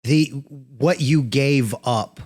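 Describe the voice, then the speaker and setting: A man's voice: mid-range voice, takes it slowly, a little mellow. A man co-hosting a podcast in casual chat, laughing easily and dropping joking asides. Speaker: podcast co-host.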